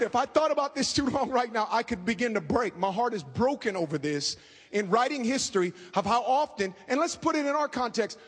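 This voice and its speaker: A man preaching a fervent sermon, talking fast and calling out to the congregation. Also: sits high, a bit bright, breathy edge. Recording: long hall reverb.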